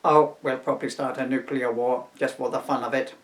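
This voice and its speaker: A man's voice: medium pitch, fairly even intonation, a little fast, lightly acted. A man voicing a silly green alien man from a seaside town, in a put-on voice. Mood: deadpan boastful.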